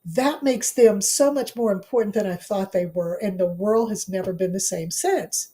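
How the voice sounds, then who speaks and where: A woman's voice: mid-range voice, moderate pace, dark tone. A middle-aged woman from Washington, D.C., a law professor and author, telling her story in an interview, earnest and emphatic, repeating phrases for weight.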